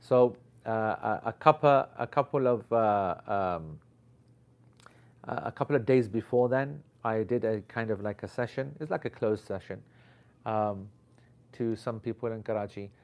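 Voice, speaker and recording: Animated, rambling male storyteller. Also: fairly low pitch, a little slow, muffled recording. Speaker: Islamic teacher. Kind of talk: casual anecdote.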